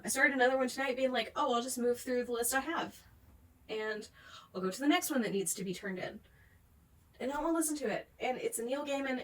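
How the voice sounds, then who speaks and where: A woman's voice: a little high, recorded from a distance. A young woman ranting in a book vlog at home, rambling and swearing, worn out after a day of crying. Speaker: book vlogger. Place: home, with pets nearby.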